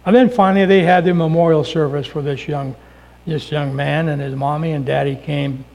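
A man preacher telling a story in a sermon, dropping his voice low for emphasis. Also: steady tone, moderate pace, vocal fry, a little mellow, rough recording.

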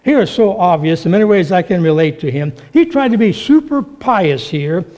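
Male pastor, high lively voice, warm tone, sermon, storytelling. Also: moderate pace. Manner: animated storytelling, acting out voices.

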